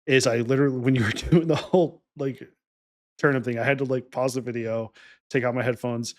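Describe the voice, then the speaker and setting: A man's voice: medium pitch, steady tone, a little fast. A man hosting a podcast, chatting casually and rambling as he laughs along with his guests. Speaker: podcast host. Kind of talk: casual chat.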